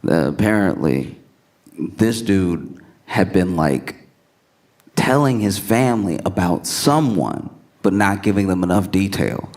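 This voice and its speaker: A male stand-up comedian telling a story with animated delivery and wry asides. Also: low voice, slow. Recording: noisy live recording.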